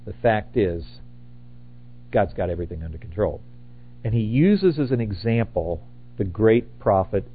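An older man preaching a sermon in a relaxed, rambling way, correcting himself and adding asides. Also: mid-range voice. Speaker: pastor. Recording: tinny phone-like audio.

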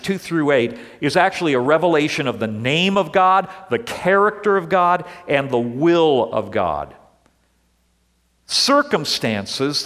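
A male pastor preaching a sermon in an earnest, deliberate way, leaning on repeated words, in a church sanctuary. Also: a little high, fairly bright tone. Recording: long reverb of a large hall.

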